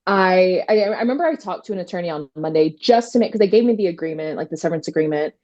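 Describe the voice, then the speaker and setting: Woman lawyer telling a story, lots of "like", lowish voice. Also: quick pace, muffled recording. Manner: animated, quotes herself, many "like" fillers. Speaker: trademark attorney guest. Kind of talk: casual storytelling interview.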